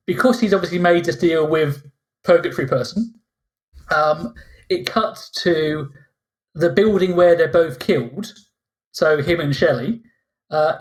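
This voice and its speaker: A man with a fairly high voice rants through a casual podcast chat. He sounds exasperated and mocking, and keeps slipping into sarcastic little reactions. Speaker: podcast co-host. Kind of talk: casual ranting film review.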